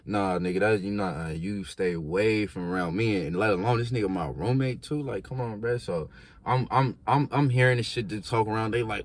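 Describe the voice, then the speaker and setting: A man's voice: lowish voice, a little fast, a little hiss or hum. A young man casually telling a story in heavy slang, acting out the voices of the people in it. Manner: animated slangy storytelling, acts out quotes.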